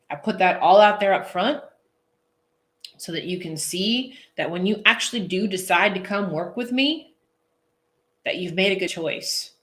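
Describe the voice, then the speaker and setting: A woman's voice: fairly low pitch, a bit bright. A woman coaching viewers in a casual live-stream chat, chatty and goofy, laughing often and answering comments aloud. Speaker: posing coach hosting a live feed.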